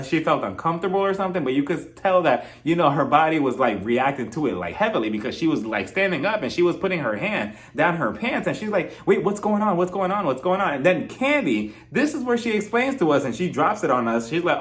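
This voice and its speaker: A young man with a slightly high voice chats through a reality TV recap. He talks loosely, laughs often and slips into quick impressions of what people said. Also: fairly bright tone. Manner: chatty, laughs often, acts out quotes. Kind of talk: casual solo commentary.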